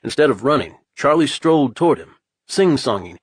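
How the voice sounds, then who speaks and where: A man reading a horror audiobook in a measured, dramatic way. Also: mid-range voice, very animated, breathy edge, no room sound. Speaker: audiobook narrator. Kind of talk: scripted horror narration.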